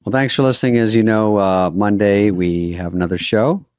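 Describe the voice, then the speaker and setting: A man with a somewhat low voice co-hosts a podcast in a relaxed, wry tone. His remarks come short and easygoing, recorded close and dry in a studio. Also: moderate pace, clear, resonant tone, no room sound. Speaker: podcast co-host. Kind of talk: casual chat.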